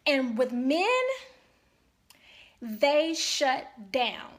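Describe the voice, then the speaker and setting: A woman's voice: sits high, extremely slow. A woman marriage counselor giving an earnest, emphatic talk to couples, often checking in with "okay?".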